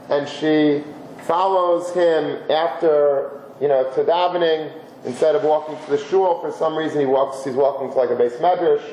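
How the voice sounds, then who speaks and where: A man, a rabbi, giving a Torah lesson in a conversational, animated storytelling way, with many Hebrew terms. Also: fairly high pitch. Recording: roomy dull lecture recording with faint hiss.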